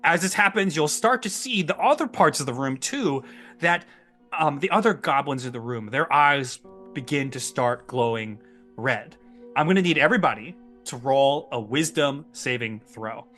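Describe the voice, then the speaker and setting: A man narrating a tabletop game as game master, animated and often laughing. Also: medium pitch, normal speed, soft background music.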